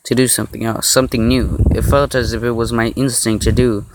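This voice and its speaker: Male reader for a mock-serious horror story read, mid-pitched voice, joking asides, noisy home recording with clicks. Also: little pitch movement, brisk. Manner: joking asides and laughs between narration.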